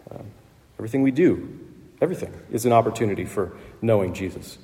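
A man's voice: fairly low pitch, lively intonation, quick pace, dark tone. A man preaching a sermon in a conversational way, with fillers and small laughs. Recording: long hall reverb.

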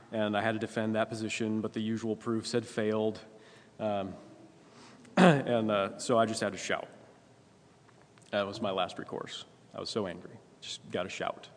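A man preaching a sermon in a conversational way, often asking "right?" and clearing his throat. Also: lowish voice. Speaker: pastor. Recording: long hall reverb.

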